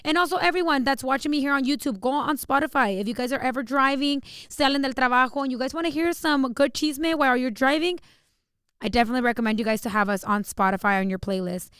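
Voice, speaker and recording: High clear-voiced latina host lady, hypes up her show, dry close sound. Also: quick pace, dry recording. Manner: excited, switches between English and Spanish. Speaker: podcast host. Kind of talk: casual chat.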